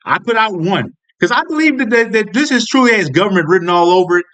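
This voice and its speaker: Man ranting with a high, lively voice. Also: quick pace. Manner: profane, heated, ranting with repeated restarts. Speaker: political commentary vlogger. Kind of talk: angry political rant.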